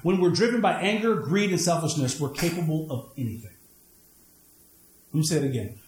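Man, preacher, high voice, animated delivery, echoey room. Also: fairly quick, long pauses, slight background noise. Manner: animated, swings between high emphatic and low asides. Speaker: pastor. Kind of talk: sermon with personal stories.

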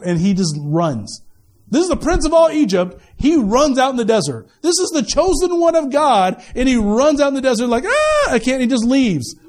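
A man's voice: sits high, a little mellow. A male pastor preaching a sermon in a conversational, joking way, often repeating words as he starts a sentence.

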